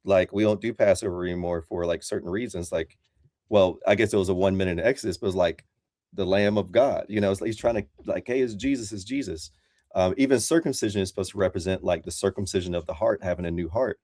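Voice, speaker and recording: A man's voice: low-pitched, quick pace, darkish tone, dry recording, studio quality. A man calling in as a Christian, talking in a casual, rambling way full of fillers. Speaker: Christian caller. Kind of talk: casual debate chat.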